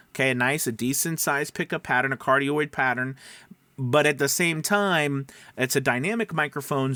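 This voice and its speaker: A man teaching voice actors about microphones in a casual tutorial, animated and rambling, with many fillers and restarts, speaking close into a broadcast mic. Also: mid-range voice, no echo. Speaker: voice actor coach. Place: small home room, door open. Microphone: dynamic broadcast mic, close up.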